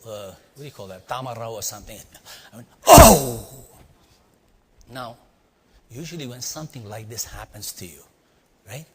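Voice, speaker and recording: A man from India with an Indian accent, telling a story to a live audience and quizzing them with quick asides. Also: mid-range voice, slightly rough. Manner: animated, quizzing the audience with "yeah?" and "right?". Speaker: leadership speaker. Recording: long hall reverb.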